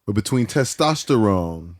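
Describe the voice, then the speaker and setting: A man's voice: on the low side, animated, moderate pace, no echo, clean studio sound. A man co-hosting a podcast, bantering and joking in casual chat. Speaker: podcast host.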